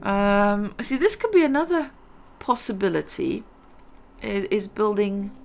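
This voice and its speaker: A middle-aged woman hosts a gaming video, chatting, rambling, and giggling through a casual let's-play session. Her mid-range voice is animated, creaky, and a little mellow, at a measured pace.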